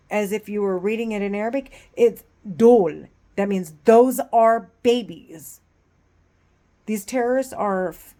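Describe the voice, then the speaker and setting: A woman talking in a casual rambling monologue, profane and full of restarts, swinging between loud agitation and low muttering.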